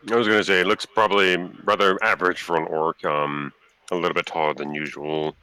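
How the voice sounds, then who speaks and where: A man with a low, bright and forceful voice runs a tabletop game as game master. He narrates casually, hesitating and filling gaps as he goes. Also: flat delivery, brisk, clean tone.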